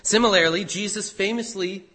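A man preaching with a bright, forceful, slightly husky voice that sits a little high. He swings between loud, emphatic declarations and quieter, careful explanation. The sound carries the long reverb of a large hall. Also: normal speed. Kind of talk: sermon.

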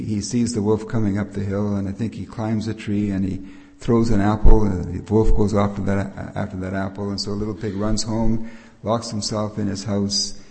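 This older preacher's voice is dark and on the low side as he walks listeners through a Bible teaching sermon. He is patient and explanatory, restarting often, and a hall's long reverb surrounds the recording.

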